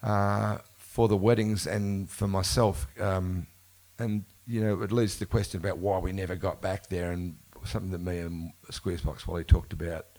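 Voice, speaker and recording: In this live event recording from a bookshop, with an audience present, a male musician under interview rambles through casual stories. He speaks deep and darkish, with little pitch movement, at normal speed and with few pauses, laughing and self-correcting frequently.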